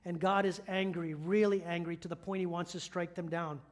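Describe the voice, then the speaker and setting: A middle-aged church elder preaches a sermon as an earnest story, now and then correcting himself mid-sentence. His voice sits high with little pitch movement, and he speaks briskly.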